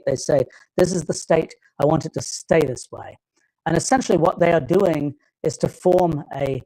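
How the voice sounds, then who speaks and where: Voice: mid-range voice, darkish tone, low-quality recording. A lecturer with a British accent giving a live technical talk, often stopping and restarting phrases while thinking aloud.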